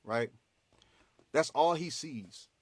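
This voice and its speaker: Animated, preachy man talking to viewers. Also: fairly high pitch, slow, slightly rough, no room sound. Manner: animated, preachy, slangy and conversational. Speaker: host. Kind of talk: motivational faith talk to viewers.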